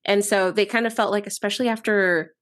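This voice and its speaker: Woman, mid-pitch podcast co-host, trivia and easy agreement. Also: steady tone, brisk, fairly bright tone. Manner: shares film trivia with frequent agreeing "mm-hmm". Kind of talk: casual movie-review chat.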